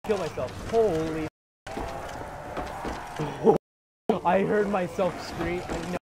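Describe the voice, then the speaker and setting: A young man giving live commentary on a game from his own room. He swears constantly and bursts into startled yelling. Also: high voice, fairly even intonation, normal speed, background noise. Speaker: gameplay commentator.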